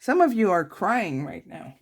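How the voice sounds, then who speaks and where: A woman giving a tarot reading, talking softly and slowly as she reads out card messages to her viewers. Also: medium pitch, very animated. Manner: soft, warm-hearted, reads card messages aloud. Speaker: tarot reader. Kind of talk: slow, intimate tarot reading.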